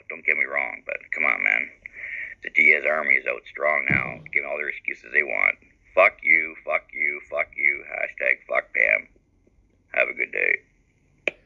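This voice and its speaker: A male caller leaving a loud, gleeful message full of swearing. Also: rumbling low, gravelly, muffled recording. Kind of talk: recorded voicemail call.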